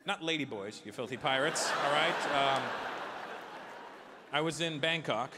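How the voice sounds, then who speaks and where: A man in his forties performing a stand-up comedy set, talking animatedly and acting out characters in quick bits. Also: on the high side, heavy background noise. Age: 40s. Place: large theater with a live audience.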